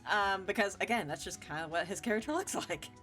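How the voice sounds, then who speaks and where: Brief: bright, animated woman streamer, casual rambling chat, faint music bed. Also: mid-range voice. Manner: chatty, giggly, lots of fillers. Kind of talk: casual chat while playing a game.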